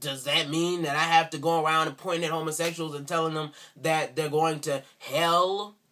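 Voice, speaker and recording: A man's voice: on the high side, fairly even intonation, moderate pace, sharp tone. A man speaking in an indignant, sarcastic rant for a response video, repeating himself for emphasis. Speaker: video commentator.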